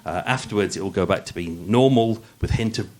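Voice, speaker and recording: A man's voice: low voice, fairly quick, a little mellow. A man from Birmingham hosting a true-crime show, telling the story live with jokey asides, stumbling and restarting as he goes. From Birmingham, England. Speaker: true-crime podcast host.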